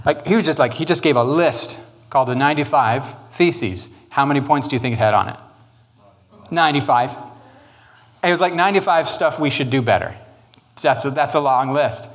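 A man, preaching a sermon on church history in an animated, joking way. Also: medium pitch. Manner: animated, joking, quick asides and put-on quotes. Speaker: pastor.

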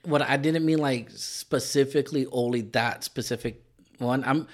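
A man's voice: medium pitch, normal speed. Rambling Californian man with a slight lisp. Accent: Californian Mexican-American. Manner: rambling, laughs often, restarts sentences. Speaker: podcast co-host. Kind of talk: casual chat.

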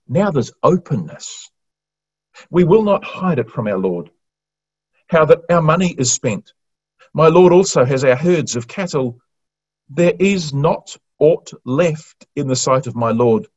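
A man preaching an earnest expository sermon, rising to emphatic questions and then slowing into soft, quiet phrases. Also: medium pitch, breathy edge. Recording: muffled lo-fi recording.

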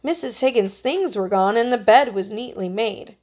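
A woman narrating a children's story with a steady, expressive reading. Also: fairly high pitch, moderate pace.

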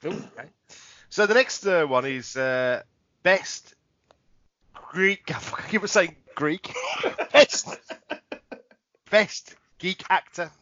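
Man, podcast co-host, teasing banter, bright sharp voice, lively pitch. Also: very slow, long pauses, dry recording. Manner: laughing, teasing, swearing. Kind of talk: casual banter. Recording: dull lo-fi podcast audio.

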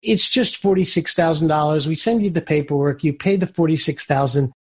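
A man's voice: a little high, a little fast, husky. A man voicing a friendly male officer with a thick Chicago accent who is running a shakedown, talking breezily with lots of "uh" and "yeah". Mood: breezy.

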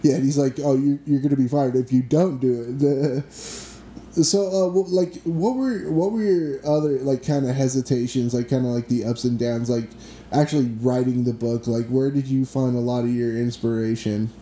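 A man hosting a casual interview, asking halting questions full of fillers. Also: mid-range voice, steady tone, warm tone, a little hiss or hum. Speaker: podcast host. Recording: echoey room.

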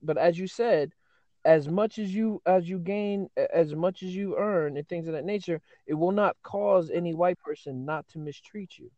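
A man's voice: high voice, moderate pace, darkish tone. A man interviewing a guest, pressing with questions and repeating them to make a point. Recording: dull, lo-fi audio.

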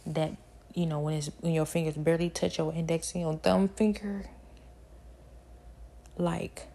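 A woman giving a spoken personal testimony, halting and repetitive, with many fillers. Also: low voice, little pitch movement, vocal fry, dark tone.

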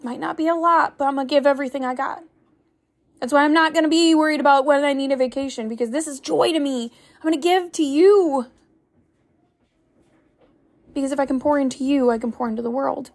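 Young mom podcaster, high voice, earnest preachy faith pep talk, lots of questions. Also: female voice, fairly even intonation, fast. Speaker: podcast host. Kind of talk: faith-based motivational talk.

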